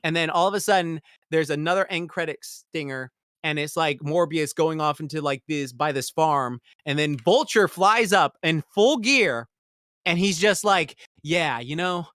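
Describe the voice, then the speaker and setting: A man hosts a podcast, talking about a movie in a casual, profane, rambling way and mocking the characters by putting on their voices. His voice sits on the high side with a fairly bright tone, and he speaks at a moderate pace. The studio recording is clean, with no echo.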